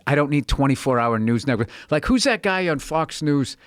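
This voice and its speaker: A man who is a guest comedian, ranting in casual podcast chat, animated and profane, and slipping into mocking voices. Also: on the high side, normal speed, no room sound, studio quality.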